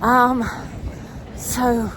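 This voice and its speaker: A woman's voice: on the high side, level tone, extremely slow. An older woman from England in her sixties, chatting to camera while walking down a busy city street, a bit out of breath. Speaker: vlogger. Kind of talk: casual vlog to camera. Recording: street noise behind.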